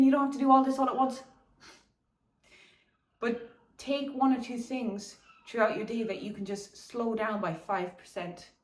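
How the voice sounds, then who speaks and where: A woman in a casual, reflective talk about slowing down, speaking loosely with swearing and laughter while out on a morning walk. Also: medium pitch, reverberant, distant mic. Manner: meandering, chatty, swears casually, laughs often. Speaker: wellness vlogger.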